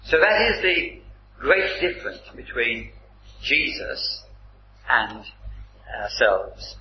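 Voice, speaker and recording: A man preaching a sermon, slow and deliberate, reading scripture aloud with strong emphasis. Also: mid-range voice, very animated, a little hiss or hum. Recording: roomy, slightly dull recording.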